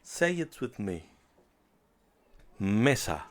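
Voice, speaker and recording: A man teaching a beginner language lesson in a deliberate, clearly enunciated scripted style. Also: mid-range voice, animated.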